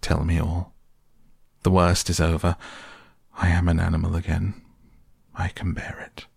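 Male reader as a humbled toad: low, gravelly, earnest storybook voice. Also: monotone, a little slow, darkish tone, dry recording, clean studio sound, exaggerated voice. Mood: contrite.

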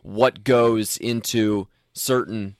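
A man co-hosting a podcast, talking in a measured, friendly way. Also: on the low side, fairly even intonation, no room sound, clean studio sound. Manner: measured, friendly, speaks of his voiceover voice. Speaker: podcast co-host. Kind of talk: casual chat.

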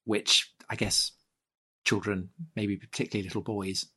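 A man's voice: fairly low pitch, little pitch movement, moderate pace, sharp tone, breathy edge. A man hosting a history podcast, talking enthusiastically with many ums and restarts. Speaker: podcast host. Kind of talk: casual podcast conversation.

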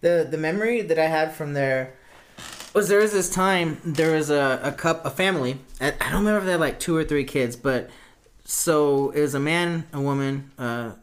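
A man's voice: fairly high pitch, moderate pace. A young man, a podcast co-host, telling rambling work anecdotes in casual slang. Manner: rambling anecdotes, says bruh and dude. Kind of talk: casual chat.

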